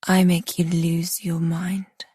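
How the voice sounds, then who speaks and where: A woman voicing a breathy, whispering seductive wife. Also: lowish voice, little pitch movement, slow, mellow, no room sound, studio quality. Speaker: duet audiobook narrator. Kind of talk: audiobook dialogue reading.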